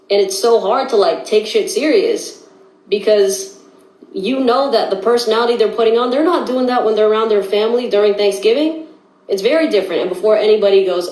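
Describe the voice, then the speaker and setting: A woman delivers an opinionated social media rant, exasperated and sarcastic, speaking straight to viewers. Her voice sits at a middle pitch, and the recording has a noticeable room echo. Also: fairly quick, darkish tone. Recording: echoey room.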